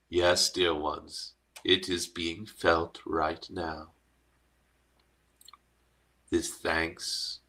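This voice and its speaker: A man channeling a gentle, wise cosmic dragon spirit in a slow guided meditation, humming "mm" between phrases. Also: deep voice, heavily acted.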